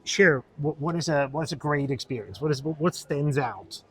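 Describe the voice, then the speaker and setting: A man's voice: on the high side, animated, moderate pace, a loud crowd. A middle-aged man co-hosting a casual industry discussion, speaking emphatically and often restarting his phrases. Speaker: co-host, hospitality industry expert.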